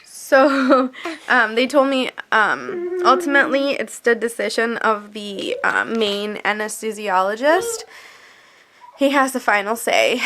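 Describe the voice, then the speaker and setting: A woman's voice: expressive, takes it slowly, very noisy. Anxious young mother rambling to camera. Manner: rambling, with many fillers, trailing off; breaks into high playful baby talk with her son. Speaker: vlogger and mother. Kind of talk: casual vlog to camera.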